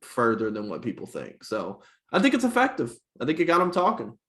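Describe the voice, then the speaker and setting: A man's voice: medium pitch, huge pitch swings, fairly quick, fairly bright tone. A man co-hosting a podcast in casual chat, laid-back and agreeable, mostly giving short replies. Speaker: podcast co-host, teacher.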